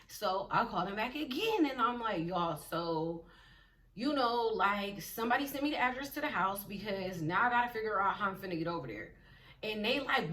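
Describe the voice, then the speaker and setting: A young woman telling a storytime vlog in an animated, slangy way, acting out the quotes of the people in it. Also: mid-range voice, moderate pace, distant mic. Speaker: vlogger.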